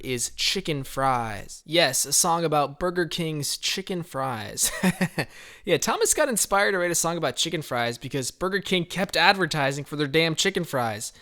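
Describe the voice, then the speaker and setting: A man's voice: fairly high pitch, fairly bright tone. A young man giving casual, rambling commentary on his band's album, laughing often and hedging with fillers.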